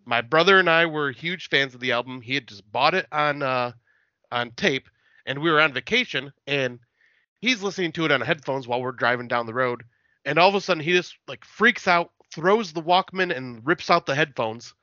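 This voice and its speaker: A laid-back man chats as a podcast guest, spinning loose stories full of swearing and quick laughs. His voice is bright and forward. The sound is dry, with a slightly dull, muffled call quality. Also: on the high side, expressive, no echo. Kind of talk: casual podcast chat.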